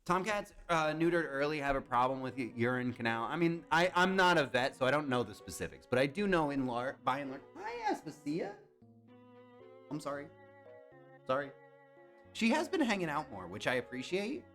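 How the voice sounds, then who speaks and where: A man's voice: medium pitch, a little fast, hardly any pauses, soft background music. A young man streamer chatting casually and reacting to viewers' comments while playing browser games. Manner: animated, chatty, reads and answers chat. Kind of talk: casual live-stream chat.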